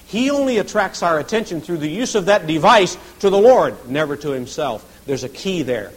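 Middle-aged male pastor, husky tone, sermon delivery that leaps from loud to soft. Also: a little high, animated, moderate pace, poor audio. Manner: dramatic swings from shouting to whispering. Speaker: pastor and police chaplain.

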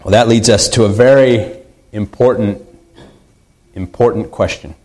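A man's voice: lowish voice, fairly even intonation, measured pace, a little mellow, poor audio. A man preaching a sermon in an earnest way, repeating key phrases for emphasis. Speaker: pastor.

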